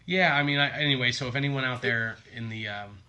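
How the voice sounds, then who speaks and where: A man co-hosts a podcast in a loose, casual chat. His voice is very bright and sharp at an ordinary pitch. He rambles and leans on fillers like "like" and "um". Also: a little fast, highs cut off. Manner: rambling, filler-heavy with many likes and ums. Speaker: podcast co-host.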